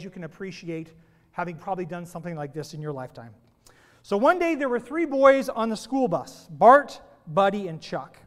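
A high-pitched male pastor delivers a sermon in a church sanctuary, his voice trailing off into a long hall reverb. He tells jokes in a playful, animated way before he starts preaching. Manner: playful, animated joke-telling.

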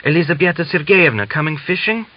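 A man's voice: on the high side, expressive, quick pace, voice pushed up. A man voicing a bold young village man who wheedles and coaxes, in a dull lo-fi audiobook recording. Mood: impatient. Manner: wheedling, then impatient.

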